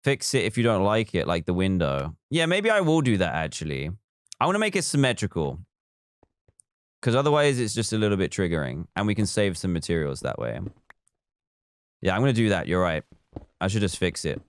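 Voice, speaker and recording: A man's voice: low-pitched, big pitch swings, fairly quick, clean tone, no room sound. A man live streaming a building game, chatting casually, reading viewer comments aloud and counting blocks as he works.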